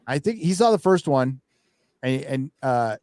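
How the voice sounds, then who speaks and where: Man, blunt profane rant, mid pitch, dry close sound, casual stream host. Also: animated, a little slow, darkish tone, no room sound. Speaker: show host. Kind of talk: casual livestream chat.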